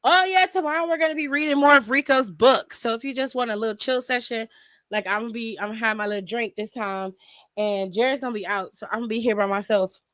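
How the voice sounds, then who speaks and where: A young woman hosting a casual live stream from home, chatting with her viewers and laughing often. Her voice sits fairly high. The sound is close and dry, with no room around it. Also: fast, a bit bright, no room sound. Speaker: wrestling aftershow streamer.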